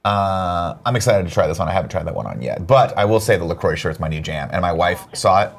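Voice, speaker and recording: A man's voice: low-pitched, lively intonation, fast talker, vocal fry. A man co-hosting a casual comedy morning show, joking and sarcastic and swearing freely.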